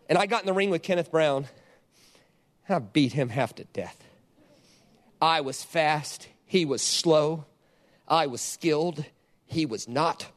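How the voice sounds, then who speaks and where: Animated high-pitched male preacher. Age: 40s. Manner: animated, acts out scenes and quotes. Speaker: pastor. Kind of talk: sermon with storytelling.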